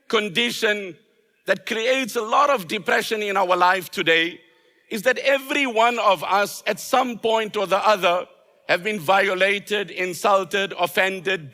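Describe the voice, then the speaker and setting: A man's voice: high-pitched, sharp tone. A man, an Islamic scholar, delivering an emphatic sermon with rhetorical repetition. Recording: long hall reverb.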